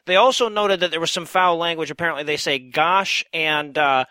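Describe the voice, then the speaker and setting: Bright-voiced man with deadpan quips. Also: a little high, moderate pace, smooth, no echo. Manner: dry, deadpan wisecracks. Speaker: podcast co-host. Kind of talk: casual comedic movie review chat.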